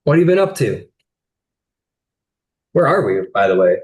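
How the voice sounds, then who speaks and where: Casting: man playing a breezy, sing-song ghost of an old woman friend, lively lilt. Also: mid-range voice, moderate pace, natural voice, rough recording. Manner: breezy and teasing.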